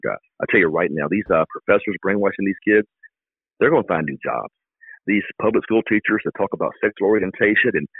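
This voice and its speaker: A middle-aged man campaigning for office speaks in a low, slightly rough voice during an interview, giving fervent, emphatic answers in a repetitive, speechmaking manner. There's no room sound; it's a dry, tinny phone line.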